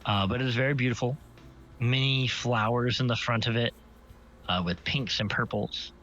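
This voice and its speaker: A man's voice: mid-range voice, fairly even intonation, normal speed, fairly bright tone. A man narrating a tabletop game as game master, describing scenes in detail and often correcting himself mid-sentence. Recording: slightly muffled stream audio, faint music.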